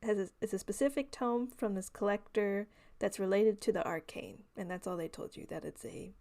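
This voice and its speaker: A woman running a tabletop role-playing game as game master, describing scenes in a measured, descriptive way. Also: medium pitch, creaky, warm tone.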